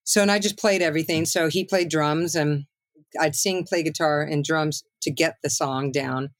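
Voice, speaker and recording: A woman's voice: deep voice, steady tone, moderate pace, no echo. A middle-aged woman songwriter talking as a guest in a loose, rambling way, full of "you know" and "like". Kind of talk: casual interview chat.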